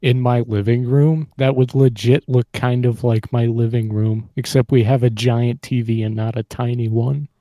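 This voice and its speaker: A man's voice: mid-range voice, fairly even intonation, normal speed, few pauses, mellow, no room sound. An American man joins a live stream chat with short, dry remarks. The recording is dry, with no room sound. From United States.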